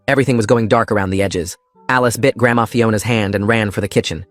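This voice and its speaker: A man narrating a first-person story in a calm, steady scripted style. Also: on the low side, quick pace, no room sound, faint music behind.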